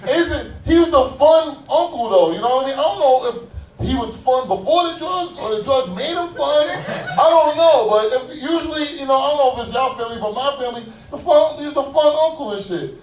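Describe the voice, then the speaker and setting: Profane high-voiced comedian in echoey club. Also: male voice, expressive, moderate pace, far from the mic, slight background noise. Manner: loose, profane, conversational storytelling with lots of fillers. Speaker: stand-up comedian. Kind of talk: stand-up comedy set.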